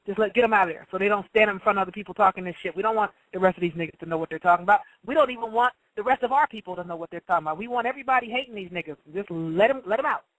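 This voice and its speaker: A woman voicing an impatient, dismissive judge who wants to clear the court, in a scornful, muttering tone. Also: medium pitch, very fast, few pauses, no room sound, natural voice, rough recording. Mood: scheming.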